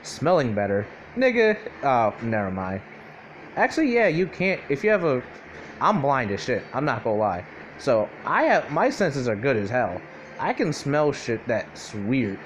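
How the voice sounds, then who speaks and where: A man's voice: mid-range voice, very animated, measured pace, slight background noise. A young man casually improvising a fan-fiction story aloud, rambling and profane, full of fillers and self-corrections.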